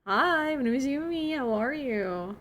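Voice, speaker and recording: A young woman chats with her stream audience. She sounds bubbly and greets people by name, and her voice sits a little high. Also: animated, unhurried, fairly bright tone, a little hiss or hum. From Jakarta, Indonesia. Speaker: livestreamer. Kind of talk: casual stream chat.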